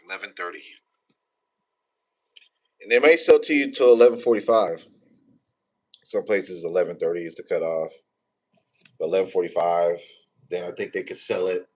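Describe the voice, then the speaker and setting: A man's voice: deep voice, fairly even intonation, normal speed, long pauses. A man, hosting a tarot livestream in rambling, profane, joking casual chat.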